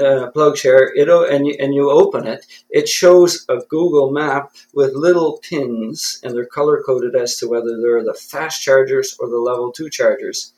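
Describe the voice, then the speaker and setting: This Canadian man speaks at a medium pitch with a slightly mellow tone, though the audio quality is poor. He is a guest in a conversational interview, thoughtful and self-deprecating, and he frequently restarts his sentences.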